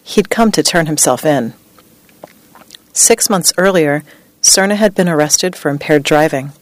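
Woman, scripted narration, true story, measured even delivery, lowish voice, dry close sound. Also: no room sound.

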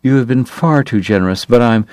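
A man's voice: mid-range voice, darkish tone, dry recording, clean studio sound, close to an everyday voice. A male narrator voicing a polite, diplomatic priest who speaks courteously and carefully. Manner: courteous, measured.

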